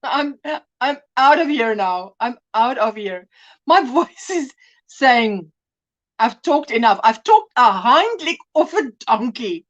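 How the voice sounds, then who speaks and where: A woman's voice: fairly high pitch, big pitch swings, takes it slowly, dull audio. A woman hosting a casual crochet livestream, chatting, reading out viewer comments and laughing often.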